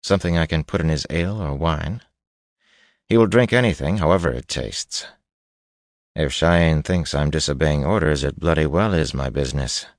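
A man with a very deep voice playing a blunt, hard-bitten male informant who curses while pressing his point. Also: normal speed, no echo, studio quality. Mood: urgent. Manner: blunt and urgent, cursing.

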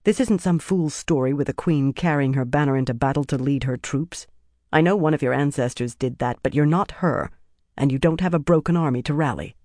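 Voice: mid-range voice, normal speed, dry recording, studio quality, lightly acted. A reader voicing a blunt, practical woman guard captain in an audiobook. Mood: firm. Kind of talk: audiobook character voice.

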